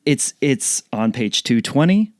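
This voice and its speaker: A man's voice: medium pitch, very animated, measured pace, no echo, clean studio sound. A man hosting a podcast interview, speaking in an earnest, careful way with hesitant restarts. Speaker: podcast host. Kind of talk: interview, reading a book passage.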